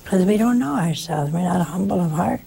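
A woman's voice: fairly low pitch, animated, normal speed, gravelly, warm tone, breathy edge. A woman giving a conversational sermon in a folksy way, often turning to the listeners with rhetorical questions. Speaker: preacher.

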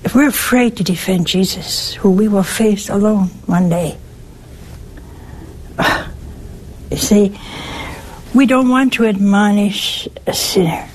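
Woman preacher, mid pitch, drawn-out delivery, wry and emphatic; faint hiss behind. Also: low-quality recording. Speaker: religious speaker. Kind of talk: spiritual teaching talk.

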